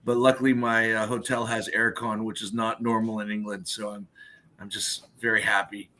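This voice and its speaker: A man's voice: lowish voice, little pitch movement, normal speed, pushed and bright. A man on a panel chatting casually, joking and swearing freely. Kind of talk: casual chat.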